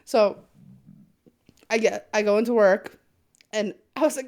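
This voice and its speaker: Speaking a little slowly with long pauses, a young woman with a mid-range voice tells a story as a podcast co-host. The chat is casual and animated, full of swearing, and she acts out the quoted voices.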